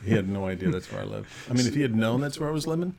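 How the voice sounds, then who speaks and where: A man guesting on a casual podcast conversation, telling long rambling stories in an animated way with lots of restarts. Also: lowish voice, racing, vocal fry.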